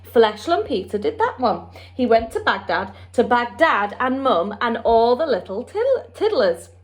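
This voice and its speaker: A woman's voice: on the high side, big pitch swings, unhurried. A woman voicing a big, friendly male giant who speaks in muddled, ungrammatical giant-speak. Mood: eager.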